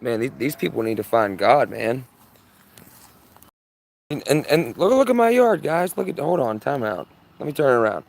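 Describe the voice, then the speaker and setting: An excitable man talks outdoors in his yard at a middle pitch, filming live on a handheld phone. His talk is urgent and full of repeats as he keeps pointing things out. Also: moderate pace, gravelly, pauses often. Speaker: livestreamer. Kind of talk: live sky-watching commentary.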